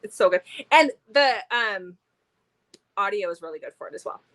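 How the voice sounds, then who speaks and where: A woman's voice: medium pitch, expressive, normal speed, fairly bright tone. A woman co-hosting a casual book review chat, enthusiastic and chatty, with plenty of fillers.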